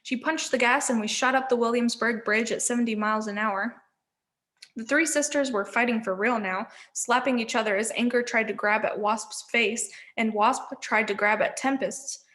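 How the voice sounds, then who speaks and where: A woman teacher reading a novel aloud to learners, expressive and giving each character a voice. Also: on the high side, moderate pace. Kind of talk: storybook read-aloud.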